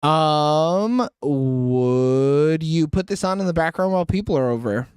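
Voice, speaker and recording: A man with a high, light voice hosts a loose movie review chat, laughing a lot and cursing freely. His voice sits close and dry, with no room sound around it. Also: expressive, a little slow, darkish tone, clear, resonant tone, no echo. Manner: laughs often, swears freely. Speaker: podcast host asking the review questions.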